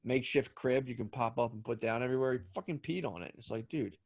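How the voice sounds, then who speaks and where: A man's voice: medium pitch, quick pace, darkish tone, dry recording. A man in his thirties co-hosting a podcast, telling rambling, profane stories with sudden acted-out outbursts. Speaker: podcast co-host. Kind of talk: casual chat.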